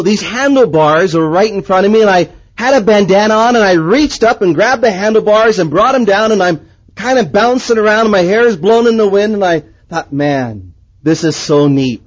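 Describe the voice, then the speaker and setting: A man preaching a sermon and telling his own story in a lively way, swinging from excited to hushed. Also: sits high, muffled recording. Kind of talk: sermon with personal testimony.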